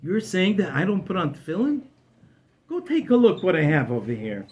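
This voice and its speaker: A man speaking as a quiet, frail old man. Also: sits high, huge pitch swings, normal speed, muffled recording. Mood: quiet pleading.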